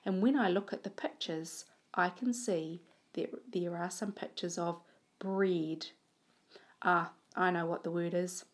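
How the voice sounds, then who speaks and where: Slow, deliberate woman teacher reading aloud. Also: fairly low pitch, steady tone. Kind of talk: modelling reading aloud for children.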